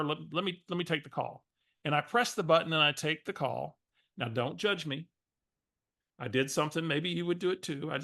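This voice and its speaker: A man coaching, telling a lively story and acting out a phone call. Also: a little high, creaky. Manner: animated storyteller, acts out phone calls.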